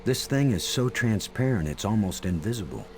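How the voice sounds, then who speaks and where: An actor voicing a calm male explorer in an adventure game, describing what he finds in a measured way. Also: lowish voice, slight background noise. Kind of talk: game character narration. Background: game music.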